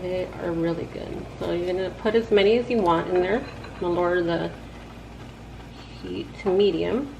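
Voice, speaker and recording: A woman's voice: fairly low pitch, moderate pace, gravelly, muffled recording. Chatty woman in an echoey kitchen. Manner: chatty, slangy, talks straight to viewers. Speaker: home cook host. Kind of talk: casual cooking vlog. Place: home kitchen at the stove. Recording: echoey room with background noise.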